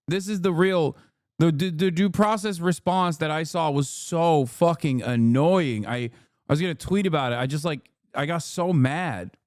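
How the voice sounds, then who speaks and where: Profane, heated streamer, close dry mic. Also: male voice, on the high side, moderate pace, darkish tone, no room sound. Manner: profane, heated, mocking; breaks into laughter and sarcastic mimicry. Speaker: livestream commentator. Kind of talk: reacting to clips and articles on stream.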